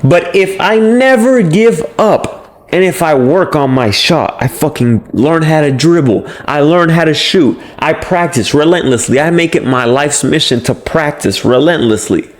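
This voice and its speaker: A man's voice: on the high side, animated, a little slow. A young man giving blunt, casual motivational advice as a self-improvement host, swearing freely and coaching his viewers. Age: young adult.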